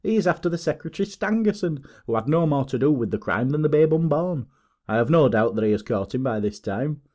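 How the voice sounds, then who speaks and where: A man voicing a pompous, boastful male police detective in an audiobook, talking in excited, self-satisfied bluster. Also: on the low side, brisk, natural voice.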